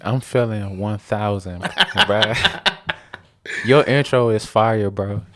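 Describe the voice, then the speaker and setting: A man's voice: fairly low pitch, takes it slowly. A man appearing as a guest on a casual podcast interview, speaking in a heartfelt, slangy, effusive way.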